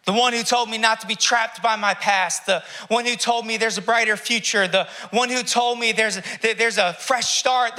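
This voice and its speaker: Distraught grieving woman, voice pushed high and loud, anguished questions tumbling out, as a preacher puts her on. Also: full character voice. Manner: anguished rhetorical outpouring, raised voice.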